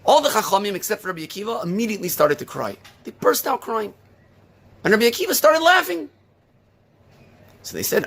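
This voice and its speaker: A man preaching a sermon in a high, husky voice. His pitch swings widely as he stresses points and asks question after question. He tells the story in a lively, engaged way. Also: brisk, long pauses. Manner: animated, rhetorical questions, storytelling. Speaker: rabbi.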